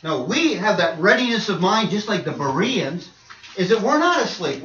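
A middle-aged man preaching in a high, lively voice that leaps from hushed asides to loud, emphatic points. He sounds distant from the mic, in a roomy church hall, and the recording is dull with a faint hiss. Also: normal speed. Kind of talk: sermon.

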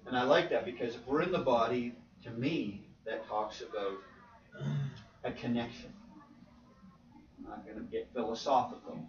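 A man's voice: medium pitch, normal speed, long pauses, slight background noise. A man preaching to a church class, asking questions and repeating points for emphasis. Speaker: preacher leading a Bible class. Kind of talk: interactive Bible teaching. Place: church meeting room. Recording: roomy, distant, dull sound.

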